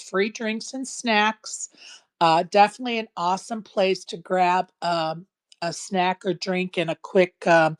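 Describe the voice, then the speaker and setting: A woman's voice: fairly low pitch, fairly even intonation, takes it slowly. A woman hosting a casual live-stream chat, folksy and frank, addressing viewers and co-hosts. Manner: chatty and folksy, says "y'all", frank opinions. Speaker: show host.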